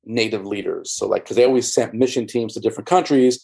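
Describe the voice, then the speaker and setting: A man's voice: fairly low pitch, fast, creaky, a little mellow, breathy edge. A man, an interview guest and former church member, recounting his experiences in a rambling, candid way with many fillers and restarts. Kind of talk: candid conversational storytelling.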